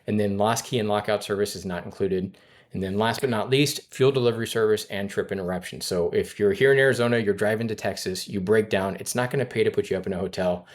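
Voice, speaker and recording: A man giving a sales training talk in a brisk coaching manner, acting out lines he would say to a customer. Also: on the low side. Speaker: finance and insurance sales trainer.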